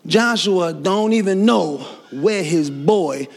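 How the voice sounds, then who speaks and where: A preacher delivering a fervent sermon in church, worked up, breaking into shouts and laughter. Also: male voice, high voice, expressive, slow pace, creaky.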